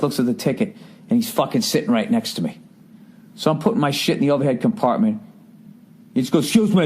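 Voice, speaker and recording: Middle-aged male podcast host with a slightly high voice, doing a profane, exasperated comic monologue. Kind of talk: comedic monologue rant.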